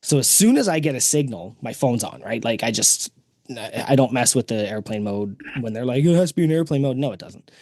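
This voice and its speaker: A man tells a story on a podcast with plenty of energy, slipping into short voices for the people in it. His pitch sits mid-range, and the mic is close and dry. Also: normal speed, no echo. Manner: animated storyteller, acts out quoted people. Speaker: podcast host. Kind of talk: casual storytelling chat.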